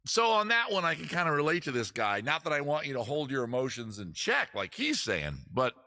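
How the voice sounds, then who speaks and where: A man hosting a casual livestream, rambling and self-mocking with deadpan asides. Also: on the high side, brisk, no room sound, clean studio sound. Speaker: livestream host. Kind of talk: casual livestream chat between songs.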